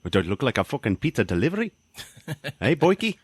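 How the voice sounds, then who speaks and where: A man's voice: medium pitch, sing-song, fast, breathy edge, no room sound. A man voicing a brash, mocking South African male arms dealer in a swaggering, put-on South African accent. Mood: taunting.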